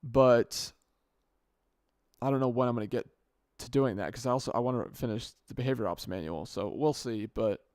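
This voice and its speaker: This casual solo podcast monologue comes from a rambling young male host who often restarts and corrects himself mid-sentence. A good podcast microphone captures his medium-pitched, slightly mellow voice dry and close at normal speed.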